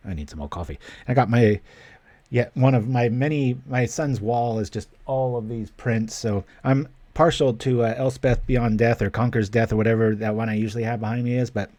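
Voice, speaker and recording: A man's voice: medium pitch, darkish tone, no room sound. A man hosting a card-game stream, giving casual live commentary as he plays and thinking aloud in a playful, chatty way.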